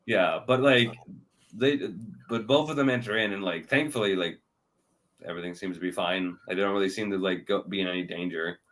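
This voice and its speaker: A man's voice: brisk, a bit bright. A young man co-hosting an anime review chat, laughing often and leaning on filler words as he recaps scenes. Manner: laughs often, lots of filler likes, voices scenes in jumps of pitch. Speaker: anime review podcast co-host. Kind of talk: casual chat.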